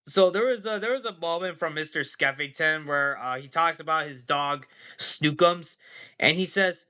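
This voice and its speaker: A man's voice: on the high side, moderate pace, sharp tone. A man giving a casual, rambling movie review vlog, full of fillers and tag questions.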